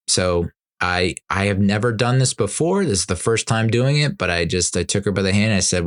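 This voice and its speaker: Man, podcast host, low pitch, casual storytelling, animated quoting. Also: a little fast. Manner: animated, jumps up high when acting out quotes.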